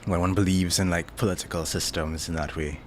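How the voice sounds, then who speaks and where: A young Trinidadian man with a low voice chats casually on a livestream. He rambles, pokes fun at himself and chuckles often. A faint hum of room noise sits under his voice. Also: fairly even intonation, brisk. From Trinidad and Tobago. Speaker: streamer. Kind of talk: casual chat stream.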